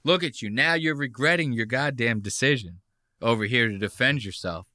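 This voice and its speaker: A man's voice: mid-range voice, normal speed, sharp tone, no echo, clean studio sound. Brash, mocking man hosting a podcast. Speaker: podcast host. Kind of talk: reaction commentary.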